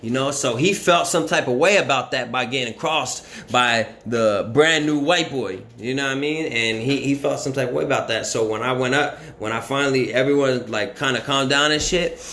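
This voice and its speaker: Sex: man. Role: vlogger. Style: casual storytelling. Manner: rambling and profane, heavy on fillers. Pitch: mid. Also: lively intonation, normal speed, a bit bright. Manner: rambling, profane, constant "you know what I mean" fillers. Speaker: vlogger telling his life story.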